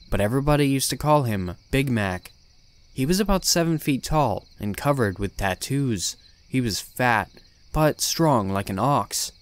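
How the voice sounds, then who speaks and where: A man reading a first-person horror story in a blunt, swearing, tough-guy voice. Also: medium pitch. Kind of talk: scripted horror narration.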